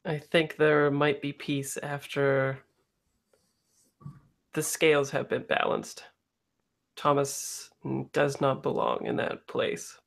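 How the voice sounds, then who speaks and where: A player speaking in character in a tabletop role-playing game, slow and measured. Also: medium pitch, little pitch movement, creaky.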